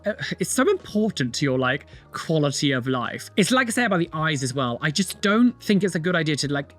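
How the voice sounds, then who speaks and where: A man's voice: on the high side, a bit bright. A young man casually reacting to tattoo videos, opinionated, chatty and self-mocking.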